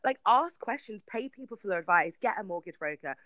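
A British woman in her thirties, a podcast guest, chatting in an animated, laughing way with salty banter. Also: mid-range voice, a little fast, a crowd in the background. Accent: British English. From Britain. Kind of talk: casual podcast chat.

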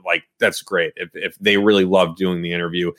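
A man's voice: low-pitched, little pitch movement, moderate pace, a bit bright. A man hosting a podcast, talking in a laid-back, casual way and laughing often. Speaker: podcast host who books the guests. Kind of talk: casual chat.

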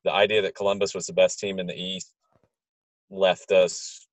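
A man's voice: low voice, little pitch movement, moderate pace, no echo. A man co-hosts a casual soccer podcast, offering blunt takes on the teams. He often repeats a word or two before landing his point, and the recording sounds dry and close. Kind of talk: casual sports analysis.

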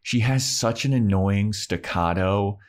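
Deep-voiced man recapping with playful voices. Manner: retells scenes doing quick character voices, swears casually. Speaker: podcast co-host. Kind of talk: casual recap chat.

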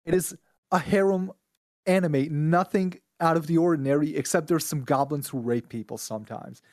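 A man's voice: fairly high pitch, moderate pace, darkish tone, no echo, clean studio sound. Blunt ranting man from Israel. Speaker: podcast guest. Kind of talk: casual podcast chat.

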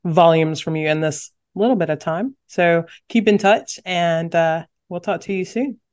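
Brief: enthusiastic male host with a fairly high voice, gushing praise and wrapping up the episode. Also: moderate pace, smooth. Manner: effusive, enthusiastic. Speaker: podcast host. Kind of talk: casual interview chat and show outro.

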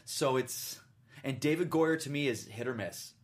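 A man's voice: medium pitch, normal speed. Rambling enthusiastic man co-host. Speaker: TV podcast co-host. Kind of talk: casual panel chat.

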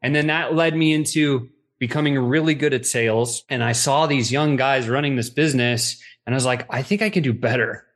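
A middle-aged man, a podcast guest, telling stories in a casual, animated way and acting out the quotes. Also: medium pitch, brisk, hardly any pauses. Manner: animated, acts out quotes with swearing. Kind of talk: casual storytelling.

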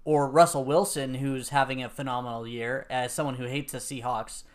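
A man's voice: medium pitch, fairly even intonation, normal speed. A man co-hosting a casual sports podcast, giving his opinions in a conversational way. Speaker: podcast co-host.

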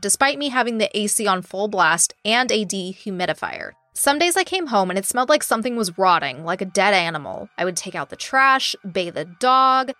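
A woman's voice: mid-range voice, sharp tone, no echo. A woman podcast host reading a listener's ghost story aloud in a blunt, profane, emphatic way.

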